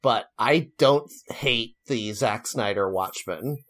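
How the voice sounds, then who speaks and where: A man's voice: medium pitch, takes it slowly, fairly bright tone. Rambling opinionated man chatting. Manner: rambling, opinionated, filler-heavy. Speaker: podcast co-host. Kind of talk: casual chat.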